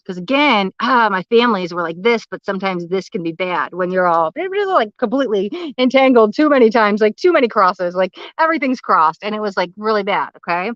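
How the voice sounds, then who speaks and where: A woman's voice: medium pitch, expressive, a little fast, hardly any pauses, dry recording. A young woman coaching on a livestream, telling her own story in a candid, emotional way. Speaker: spiritual life coach. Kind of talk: livestream talk. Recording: slightly muffled, lo-fi livestream audio.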